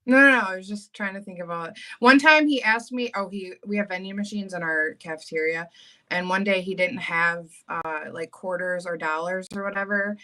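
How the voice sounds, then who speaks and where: Bright, giggly woman, casual storyteller, laughs often. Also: on the low side, moderate pace.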